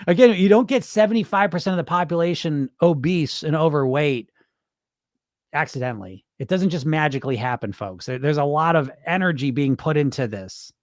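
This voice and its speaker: A man with a slightly high voice talks briskly on a weight loss live stream, and the studio-quality audio has no echo. Reading comments from viewers, he gives blunt, animated responses laced with swearing and acts out the excuses dieters tell themselves.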